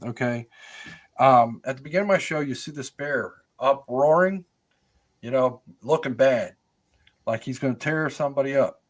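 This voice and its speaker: Older American man, podcast guest, mid-pitched, chatty and rambling, plenty of ums and false starts. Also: normal speed. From United States. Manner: rambling, many fillers and restarts. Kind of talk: casual conversational storytelling.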